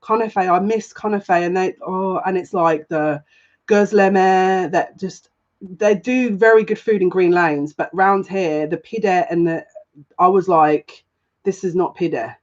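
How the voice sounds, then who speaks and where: A woman's voice: fairly low pitch, steady tone, a little slow. Chatty giggly woman, lo-fi sound. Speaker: psychic reader. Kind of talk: casual live tarot reading. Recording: dull lo-fi sound.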